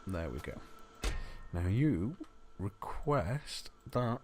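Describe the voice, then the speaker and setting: Lively, unhurried man narrating gameplay. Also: fairly low pitch, slight background noise. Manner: chatty, talks to the game objects, mutters asides. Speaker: let's play host. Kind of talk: casual gameplay commentary.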